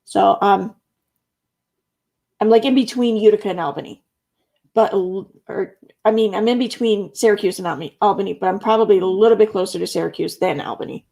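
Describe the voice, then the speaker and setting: A middle-aged woman speaks as she hosts a relaxed live stream. She reads viewer comments aloud and chats about them, laughing often. Her voice has a gravelly fry at a middling pitch. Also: brisk. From Central New York. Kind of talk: casual live stream chat reading comments.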